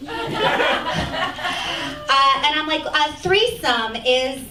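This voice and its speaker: A middle-aged woman doing a stand-up comedy set in a comedy club, with a dry, deadpan delivery that acts out dialogue. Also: a little high, unhurried, heavy background noise. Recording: echoey club, captured from a distance. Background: audience laughter.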